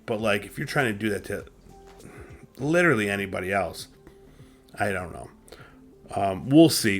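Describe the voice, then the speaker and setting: Low-voiced chatty man recapping a show. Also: fairly bright tone. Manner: chatty, opinionated, many fillers. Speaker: wrestling show reviewer and host. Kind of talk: casual recap talk.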